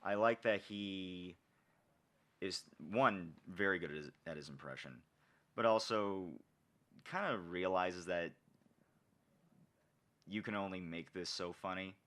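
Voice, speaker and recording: A man's voice: low-pitched, measured pace, long pauses, a bit bright. A man chatting casually on a podcast, hesitant, full of ums, often trailing off mid-thought. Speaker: podcast co-host.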